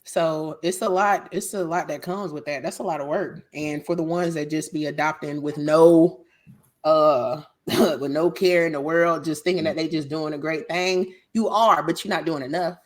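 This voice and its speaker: A woman's voice: sits low, steady tone, normal speed. A young woman co-hosting a podcast in frank, profane casual chat, laughing often. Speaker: podcast co-host.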